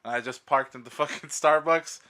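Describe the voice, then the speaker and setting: A man with a mid-pitched, bright voice rambles through a story in casual podcast chat. He is laid-back and swears often. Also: fairly quick. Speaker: podcast co-host.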